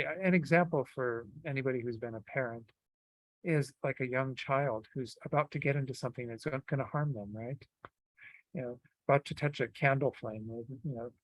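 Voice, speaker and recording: A man gives a Buddhist dharma talk in an easygoing, conversational way, pausing on fillers and restarting phrases as he thinks. His voice sits at an ordinary middle pitch, and the recording is close and dry with no room echo. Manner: relaxed, conversational teaching with many fillers. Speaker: Buddhist teacher.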